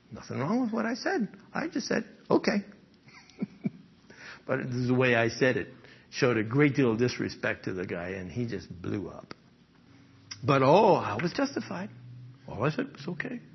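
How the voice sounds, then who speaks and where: A man's voice: mid-range voice, wildly swooping pitch, normal speed, vocal fry, pauses often, breathy edge, lo-fi sound. A man preaching a sermon in a conversational way, often checking in with "okay?" and "right?" and chuckling as he talks. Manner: chuckles often while speaking. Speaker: pastor.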